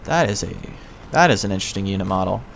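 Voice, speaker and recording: A man's voice: low-pitched, animated, quick pace, creaky, a bit bright. A young American man chatting casually on a game livestream, rambling and answering his chat. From United States. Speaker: livestreaming gamer. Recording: dull lo-fi stream audio with faint noise.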